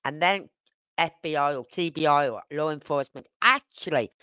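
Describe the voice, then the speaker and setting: With a medium-pitched, smooth, sharp-toned voice and no echo, a YouTuber gives emphatic live-stream commentary. The speaker repeats points, throws out rhetorical questions, and apologizes for going too fast.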